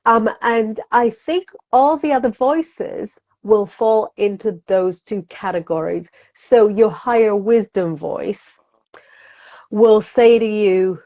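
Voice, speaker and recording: A woman's voice: mid-range voice, measured pace, darkish tone, dull audio. A woman, a psychic guest, talking animatedly in an interview, laughing often and acting out inner voices in quotes. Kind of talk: conversational interview.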